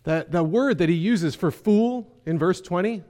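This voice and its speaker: A man's voice: high-pitched, measured pace, darkish tone. A man preaching a sermon, earnest and emphatic, often asking his listeners rhetorical questions. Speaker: pastor.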